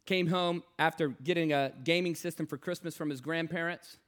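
Male preacher, high-pitched, impassioned sermon storytelling, repeats phrases, loud to hushed. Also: steady tone, normal speed.

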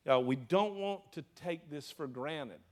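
A Southern US man delivering a sermon as pastor, his voice sitting a bit high for a man. He keeps firing questions at the congregation and answering them himself. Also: measured pace. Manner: preaching with rhetorical questions to the congregation.

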